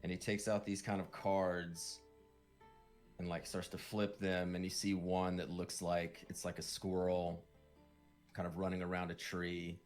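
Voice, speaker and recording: A man's voice: sits low, completely flat delivery, measured pace, soft background music. A man narrating a tabletop game as game master, with loose, filler-heavy description.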